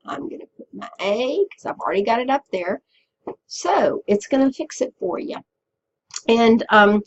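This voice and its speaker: A woman teacher walking students through a software tutorial step by step, patiently checking in with them as she goes. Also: fairly high pitch, dull audio, a little hiss or hum. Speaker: Spanish teacher. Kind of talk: screen-recorded software tutorial.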